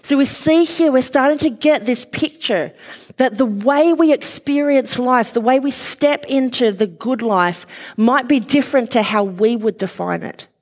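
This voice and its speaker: A woman's voice: on the high side, measured pace, darkish tone. A woman preaching a sermon, conversational, telling a personal story with fillers and light laughs. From outside Western Australia.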